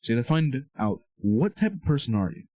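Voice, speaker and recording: A man's voice: mid-range voice, sing-song, fairly quick, dark tone, dry recording. A young man giving a casual, earnest motivational talk on faith and self-improvement, often checking in with his listeners. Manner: earnest, coaching tone, keeps checking in with "okay?" and "all right?". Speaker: Christian self-improvement speaker. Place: small room with a whiteboard.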